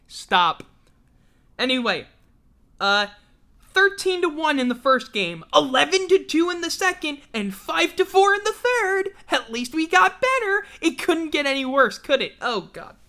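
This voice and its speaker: A woman with a drawl rants through a casual livestream sports recap, cursing freely and sounding exasperated. Her voice is bright and forceful and sits a touch high. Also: big pitch swings, a little slow. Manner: profane, exasperated ranting. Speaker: sports talk show host.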